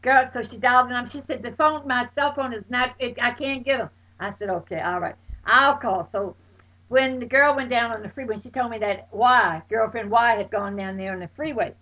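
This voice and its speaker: High-voiced woman telling a wild story. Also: brisk. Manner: exclaims loudly, acts out friends' voices. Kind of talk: animated personal anecdote. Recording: dull lo-fi recording.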